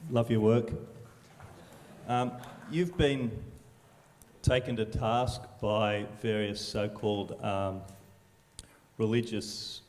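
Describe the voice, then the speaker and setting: A man in the audience of a large auditorium asking a question in a hesitant, halting way. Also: on the low side, steady tone, darkish tone. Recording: long reverb of a large hall.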